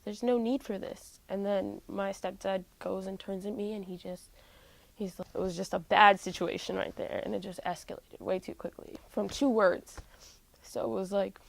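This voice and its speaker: A woman's voice: medium pitch, vocal fry, low-quality recording. A young woman musician telling a personal family story in an interview, candid and full of "like" fillers. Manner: heavy use of "like" fillers, candid.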